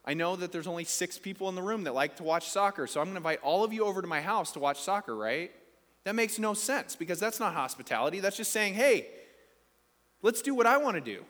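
A man's voice: sits high, expressive, fast, fairly bright tone, in a large hall. A man preaching a sermon in a conversational, playful way, asking the congregation questions. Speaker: pastor.

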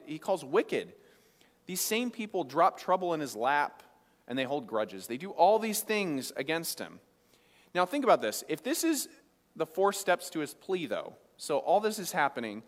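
A man preaching a sermon as pastor, conversational, dropping into quick acted asides. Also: fairly high pitch, a bit bright. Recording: long reverb of a hall.

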